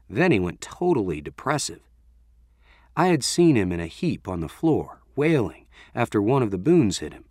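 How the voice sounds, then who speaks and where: A man narrating a first-person story as an audiobook, in an expressive storytelling way. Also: mid-range voice, no room sound, studio quality.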